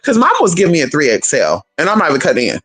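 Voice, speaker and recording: A woman's voice: sits low, breathy edge. Woman vlogging, sassy and cussy, voice jumps up and down a lot, story-time gossip. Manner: sassy, profane, animated gossip with drawn-out pauses. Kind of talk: casual storytelling to viewers.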